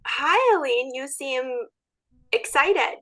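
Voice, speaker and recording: A woman workshop participant who speaks hesitantly, with pauses. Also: high-pitched, sharp tone, low-quality recording.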